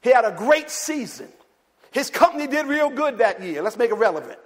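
A male pastor preaching a sermon, telling a chatty story full of restarts and rising to shouted calls for the congregation to repeat. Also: very high-pitched, sing-song, a little fast. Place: church. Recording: long hall reverb.

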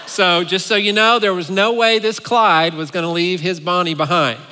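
A male pastor delivers a sermon with playful, animated storytelling. His voice is high and bright and forceful. It rings through a church sanctuary with a long hall echo. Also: moderate pace.

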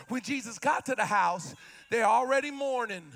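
Fiery high-voiced male preacher. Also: normal speed. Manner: impassioned, shouting, calls out to the congregation. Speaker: pastor. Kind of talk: sermon.

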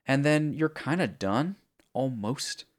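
A man's voice: mid-range voice, expressive, slow. A man co-hosting a podcast, retelling a video game story in a rambling, profane way with lots of fillers. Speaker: podcast co-host. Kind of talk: casual chat about a video game.

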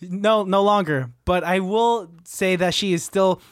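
A man's voice: unhurried, no echo, clean studio sound. A young man co-hosting a casual chat, joking around and laughing often. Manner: playful, laughs often, mock sales pitch. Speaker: podcast co-host. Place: small room at a table. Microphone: studio mic, camera present.

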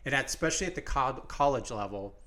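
Male podcast co-host, mid-pitched, casual rambling sports chat with fillers. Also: fast talker. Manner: relaxed, rambling with fillers and restarts.

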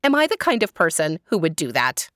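A woman voicing a plump, fussy old farm woman, indignant and excitable. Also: low-pitched, brisk, no echo, studio quality. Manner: excited, exclamatory calls.

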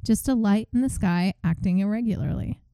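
A woman's voice: medium pitch, a little fast, smooth, no room sound, poor audio. A woman podcast host casually retelling a story and acting out its quotes. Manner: animated retelling, reenacts quotes.

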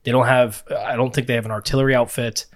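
A man's voice: mid-range voice, level tone, fast. A man who served in the Marines, chatting casually and profanely in a rambling way. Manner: laid-back, profane, rambling. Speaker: former Marine. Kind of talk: casual chat.

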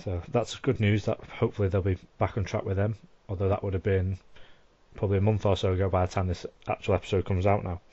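Low, mellow-voiced podcast host. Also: male voice, level tone, fast talker, no room sound. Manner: conversational, asks leading questions. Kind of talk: casual interview. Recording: dull, dry lo-fi audio.

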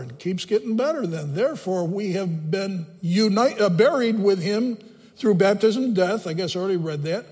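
A man's voice: sits high, a little mellow. A man preaching a sermon as a pastor, emphatic and repeating phrases for stress. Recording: long reverb of a large hall.

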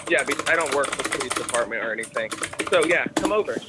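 A man's voice: mid-range voice, animated, quick pace, heavy background noise. A man arguing angrily on a phone call, swearing and stammering. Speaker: angry customer on the phone. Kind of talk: heated phone argument.

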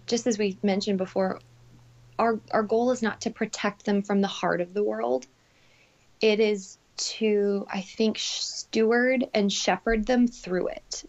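A woman speaking in a heartfelt way on a podcast, with many fillers and soft asides. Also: mid-range voice, muffled recording. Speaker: parenting expert guest. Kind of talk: conversational podcast talk.

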